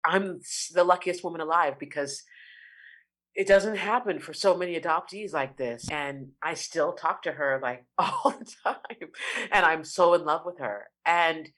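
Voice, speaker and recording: A singer appearing as an interview guest tells a heartfelt personal story. Her voice sits low, her pace is measured, and she's expressive, lingering on words.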